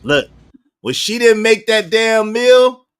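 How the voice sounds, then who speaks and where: A man hosting a reaction video, giving blunt, animated commentary and laughing as he talks. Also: high voice, takes it slowly, clear, resonant tone. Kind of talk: casual commentary on clips.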